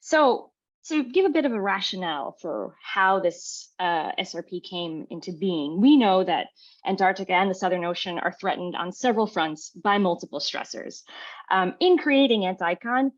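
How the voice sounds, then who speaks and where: Woman scientist presenting, measured, muffled lo-fi call sound. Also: medium pitch, lively intonation. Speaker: marine biologist presenter. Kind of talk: online presentation.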